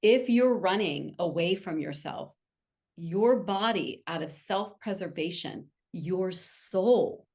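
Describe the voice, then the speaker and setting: Woman guest on an interview, author, pretty open, tells stories with lots of life, lowish voice. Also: expressive, slow pace, darkish tone. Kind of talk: casual interview chat.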